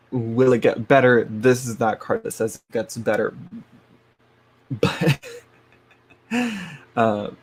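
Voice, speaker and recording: Chatty man giving a live tarot reading. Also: medium pitch. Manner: chatty, frank, laughs often, drops to murmurs when checking things. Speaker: tarot reader.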